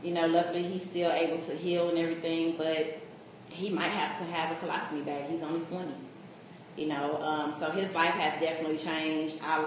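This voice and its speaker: A woman giving a casual, animated personal testimony at a coaching meeting. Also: deep voice. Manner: casual, animated storytelling with laughter. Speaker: coaching client. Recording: echoey room with faint noise.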